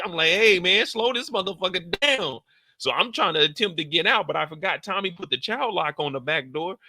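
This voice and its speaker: A man giving casual reaction commentary on a TV show, profane and animated, acting out scenes in high squeals and shouts. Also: no room sound.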